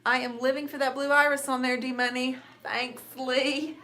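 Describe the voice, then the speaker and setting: A woman's voice: high voice, flat delivery, moderate pace. Encouraging woman host in an echoey room. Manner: warm, encouraging, calls viewers sister and honey. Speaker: painting show host. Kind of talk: live painting stream chat. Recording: echoey room with faint noise.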